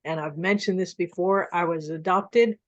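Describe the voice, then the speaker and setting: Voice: mid-range voice, steady tone, moderate pace, dry recording. A participant giving an upbeat impromptu speech over a video call. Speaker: workshop participant. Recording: dull dry video call audio.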